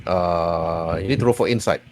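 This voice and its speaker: A man's voice: low-pitched, moderate pace, crowd noise. A man narrating a tabletop role-playing game as game master, with meandering, restart-filled phrasing.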